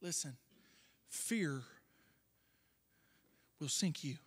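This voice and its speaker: A man preaching a sermon as pastor, impassioned, dropping to hushed tones and rising to loud declarations. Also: fairly high pitch, animated, very slow, breathy edge. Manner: impassioned, shifts between hushed and loud delivery.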